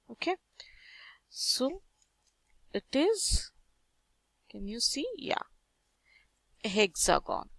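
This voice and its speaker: A woman's voice: on the high side, very animated, very slow, gravelly, long pauses, fairly bright tone, dry recording, clean studio sound. A woman with an Indian accent, teaching a French lesson patiently in English, asking viewers questions and reading French terms aloud. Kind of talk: slow step-by-step lesson.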